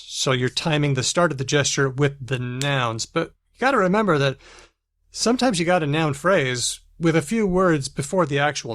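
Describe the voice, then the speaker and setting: A man's voice: mid-range voice, fairly bright tone, dry recording. Man podcast co-host, explanatory, on video call, dry recording. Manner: explanatory, discusses research studies. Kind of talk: casual chat.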